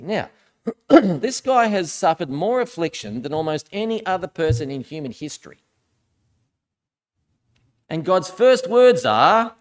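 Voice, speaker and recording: High-voiced man preaching casually. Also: very animated, moderate pace. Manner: conversational preaching, reads scripture aloud with dramatic emphasis. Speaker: minister. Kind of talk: sermon.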